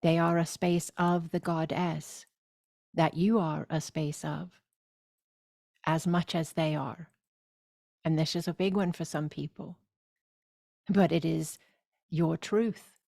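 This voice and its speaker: A woman leading a spiritual course, speaking deliberately and soothingly with loud gasping inhales and repeated phrases. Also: low-pitched, steady tone, creaky, no echo, clean studio sound. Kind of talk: slow guided spiritual teaching.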